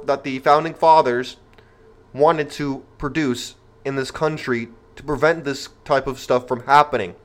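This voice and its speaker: A man's voice: fairly high pitch, fairly bright tone. A man hosting a podcast, delivering an opinionated monologue in an emphatic, rhetorical manner and speaking straight to his listeners. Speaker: podcast host.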